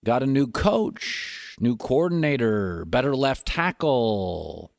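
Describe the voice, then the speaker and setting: A man's voice: mid-range voice, big pitch swings, slow pace, vocal fry, no room sound, studio quality. A man hosting a sports talk radio show, making his points emphatically, with argumentative, sarcastic asides. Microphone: studio microphone.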